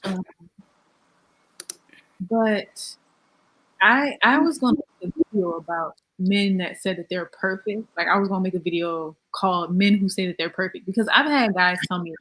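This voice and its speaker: Animated woman host telling stories. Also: medium pitch, moderate pace. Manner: animated, acts out quoted people. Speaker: YouTube host. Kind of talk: casual chat, storytelling.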